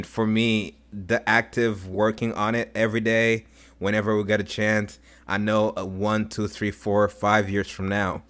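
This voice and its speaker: Low-voiced man chatting reflectively. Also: a bit bright. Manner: reflective, loose, full of fillers. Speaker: podcast co-host. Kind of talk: casual chat.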